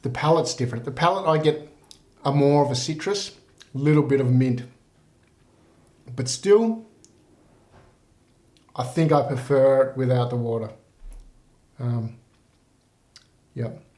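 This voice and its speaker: A man giving a casual whisky tasting review in a relaxed, rambling way with many fillers. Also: medium pitch, a little slow, long pauses. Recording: roomy echo.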